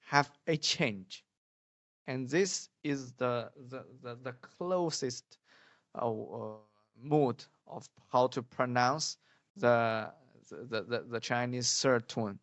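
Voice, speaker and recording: Male language teacher, slow and halting, belts out example tones; dull lo-fi sound. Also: mid-range voice, fairly even intonation, dry recording. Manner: halting, many fillers and repeats, demonstrates tones loudly. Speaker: Mandarin teacher. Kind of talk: language lesson.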